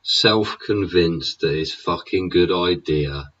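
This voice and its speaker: A man's voice: low voice, slow pace, fairly bright tone. A man hosting his own show, ranting with constant swearing and tag questions like "innit". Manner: swears constantly, rhetorical tags like "innit" and "yeah". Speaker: show host. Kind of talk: profane ranting monologue. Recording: dull lo-fi recording.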